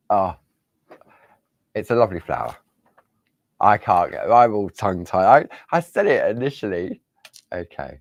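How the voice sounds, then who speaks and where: A man's voice: low voice, sing-song, moderate pace, creaky, pauses often, dry recording. A man hosting a craft show, chatting casually through products, stumbling over words and laughing at himself. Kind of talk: casual product demo chat.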